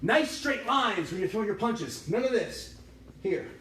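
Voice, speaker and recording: A man's voice: high voice, animated, a little slow, a bit bright, slight background noise. A man teaching a livestreamed kickboxing class, counting reps and joking with the students. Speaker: kickboxing instructor. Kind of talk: livestreamed workout class instruction. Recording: echoey room with music behind.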